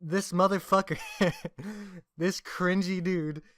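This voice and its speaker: A man's voice: high-pitched, steady tone, takes it slowly. A young man co-hosting a casual podcast, teasing his friend and telling profane stories with frequent laughs. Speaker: podcast co-host.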